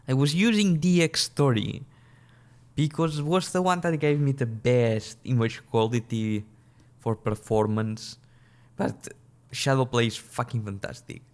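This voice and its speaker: A man in his early twenties from a small European country, giving casual, rambling gameplay commentary at his computer, swearing, restarting sentences and laughing often. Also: mid-range voice. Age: early 20s. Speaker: gaming channel host.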